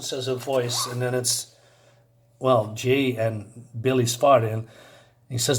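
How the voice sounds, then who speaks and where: A man's voice: medium pitch, steady tone, slow pace, long pauses. Man casually recapping a comic. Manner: rambling, reads character lines aloud between asides. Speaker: comic book reviewer.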